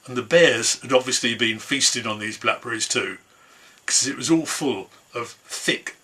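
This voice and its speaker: A man's voice: medium pitch, moderate pace, bright, forceful tone, breathy edge. A man telling a traditional folk tale in an easygoing, conversational way, from an online concert. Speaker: storyteller.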